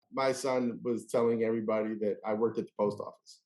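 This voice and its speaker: A man hosting a casual interview, telling animated stories and acting out the people he quotes. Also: mid-range voice, roomy sound. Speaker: podcast host.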